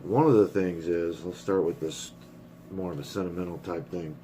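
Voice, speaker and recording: A man's voice: deep voice, fairly even intonation, moderate pace, warm tone, slight background noise. A middle-aged man rambling candidly in a casual personal vlog, swearing freely and getting choked up. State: emotional, choked up. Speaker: vlogger.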